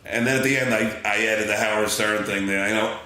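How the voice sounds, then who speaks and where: A middle-aged man with a Long Island accent, a podcast guest telling an animated story, excitable, acting out other voices, full of fillers and restarts. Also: fairly low pitch, fairly quick, heavy reverb, poor audio.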